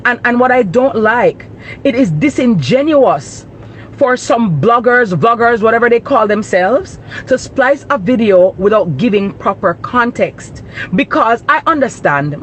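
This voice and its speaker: A woman's voice: on the high side, a little hiss or hum. A woman with a Jamaican accent, talking to her followers in an indignant, emphatic rant. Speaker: vlogger. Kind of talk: direct-to-camera commentary.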